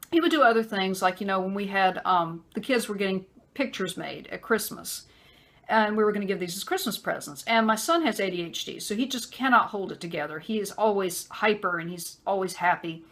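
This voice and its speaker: A woman's voice: mid-range voice, fairly bright tone. Woman telling a personal story. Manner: conversational, many fillers; acts out a harsh man's voice in quotes. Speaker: vlogger.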